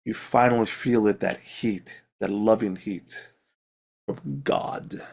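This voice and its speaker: Slow, halting male game master. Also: fairly low pitch, vocal fry, darkish tone, breathy edge. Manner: slow, halting narration with restarts. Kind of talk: narrating a tabletop game.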